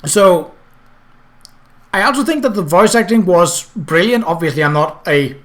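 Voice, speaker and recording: A man with a Danish accent talks through a video game in a loose, rambling way, full of "like" and "uh". His voice sits a little higher than most men's. He is a native Danish speaker chatting casually in English. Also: expressive, moderate pace, a bit bright. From Denmark. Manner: rambling, filler-heavy. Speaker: game commentator.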